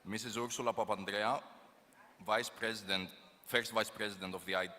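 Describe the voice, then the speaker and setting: A man opening a congress as moderator, formal and halting with small restarts. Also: on the low side, steady tone, pushed and bright, a little hiss or hum. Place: large conference hall. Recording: echoey conference hall, faint ambience.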